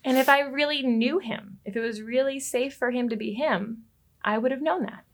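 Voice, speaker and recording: A woman, a relationship coach, telling a personal story as a podcast guest, lively and quick to laugh. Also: high voice, slight background noise. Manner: animated, laughs often and acts out quoted lines.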